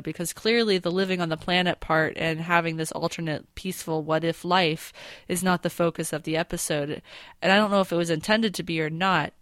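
A woman's voice: on the low side, no room sound. A woman co-hosting a podcast, casually talking through a story's structure and thinking aloud. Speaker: podcast co-host. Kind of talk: casual chat.

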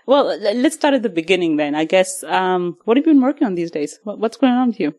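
A woman's voice: medium pitch, animated, fast talker, a little mellow. A woman stepping in as guest host, interviewing her husband in a playful, slightly hesitant way. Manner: playful, giggly, hesitant questioning. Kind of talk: casual podcast interview.

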